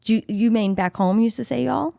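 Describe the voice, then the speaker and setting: A woman's voice: fairly high pitch, fast talker, gravelly, mellow, dry recording, clean studio sound. A woman from New York with a New York accent, co-hosting a podcast and telling stories in an emphatic, chatty way. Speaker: podcast co-host. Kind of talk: casual comedic chat.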